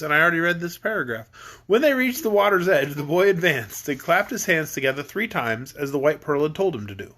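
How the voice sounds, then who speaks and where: A man's voice: a little high, animated, a little fast, bright, forceful tone. A man reading a children's book aloud to his kids, easygoing, sometimes stumbling and rereading.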